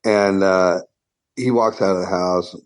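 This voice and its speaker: A man's voice: sits low, fairly even intonation, measured pace. A middle-aged man, a guitarist guest, telling loose rambling stories full of fillers and swearing. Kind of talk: casual storytelling.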